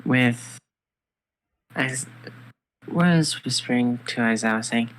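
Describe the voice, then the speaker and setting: Woman, casual co-storyteller, slow and easygoing, improvising fan fiction. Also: rumbling low, low-quality recording. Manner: slow, casual, narrates and voices characters loosely.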